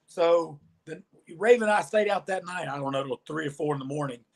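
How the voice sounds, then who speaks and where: A middle-aged former wrestler, appearing as an interview guest, talks briskly in a higher-pitched voice. He's an animated storyteller who spins long tales and acts out what other people said.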